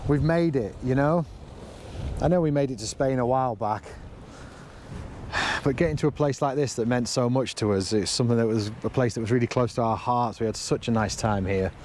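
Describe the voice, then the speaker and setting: A middle-aged man with a medium-pitched, slightly mellow voice talks fairly quickly in a casual vlog to camera, earnest, a little emotional and rambling. He starts outdoors by the sea and then moves into a camper van, with faint wind and outdoor ambience behind him.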